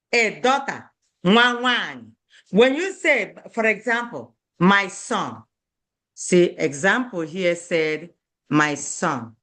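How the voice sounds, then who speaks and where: A woman's voice: mid-range voice, lively intonation, slow pace, pushed and bright. A woman teaching a beginner language lesson, repeating each word and checking in with "okay?".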